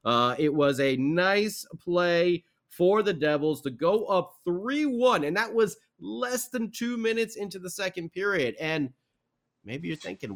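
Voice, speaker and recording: The same podcast host, voice sitting high and pace a little slow, goes over a hockey game. His recap is lively but wandering, with plenty of fillers and false starts.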